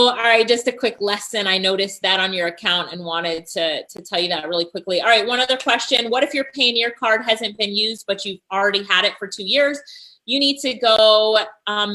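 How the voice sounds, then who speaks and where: A woman's voice: mid-range voice, pushed and bright, rough recording. Upbeat woman coaching on a live stream. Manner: upbeat, encouraging, reads out viewer comments. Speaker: host and freelancing coach.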